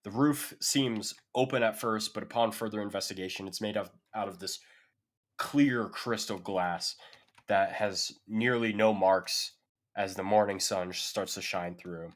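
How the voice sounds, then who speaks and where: A man's voice: lowish voice, fairly even intonation, measured pace. A man narrating a tabletop game as game master, casual and full of fillers. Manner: casual, loose descriptions with many fillers.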